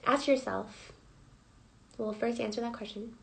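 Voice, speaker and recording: Higher-voiced woman coach with gravelly fry. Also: steady tone, a little slow, poor audio. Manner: guiding, prompting listeners with repeated questions. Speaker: emotional wellness coach. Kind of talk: live guided reflection session.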